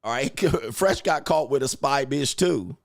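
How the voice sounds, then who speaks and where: A man's voice: mid-range voice, expressive, unhurried, creaky, noisy background. A man hosting a casual commentary show, joking and laughing at his own lines as he rambles. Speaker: commentary show host and dating coach.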